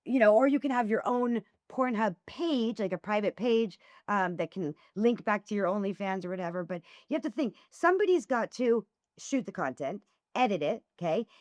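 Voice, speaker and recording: A middle-aged woman speaking in a candid interview, her pitch leaping around as she acts out the people in her anecdotes. Her voice sits in an ordinary middle register. The sound is dry and close, with no room around it. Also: normal speed, no echo. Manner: animated storyteller, acts out dialogue with big pitch swings. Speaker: podcast guest, author.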